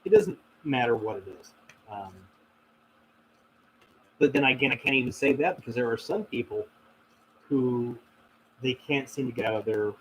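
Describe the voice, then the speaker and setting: A man's voice: mid-range voice, a little hiss or hum, rough recording. A man hosting a casual question-and-answer stream, talking in a reflective, rambling way with many fillers and restarts. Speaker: host answering viewer questions. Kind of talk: casual livestream Q&A.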